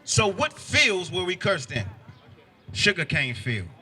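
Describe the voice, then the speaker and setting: A man's voice: sits high, very animated, takes it slowly. A man preaching on a city street, firing pointed questions at passersby. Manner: forceful, quizzes listeners with pointed questions.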